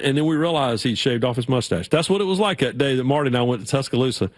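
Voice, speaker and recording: A man's voice: mid-range voice, fast, hardly any pauses. A man hosting a sports radio show, telling stories casually and acting out quoted voices. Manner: animated storyteller, acts out shouted quotes.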